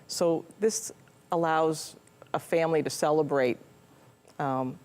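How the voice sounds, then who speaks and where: A middle-aged woman who runs a nonprofit answers interview questions as a guest, earnest and full of restarts and fillers. Her voice is low and darkish, and she takes it slowly.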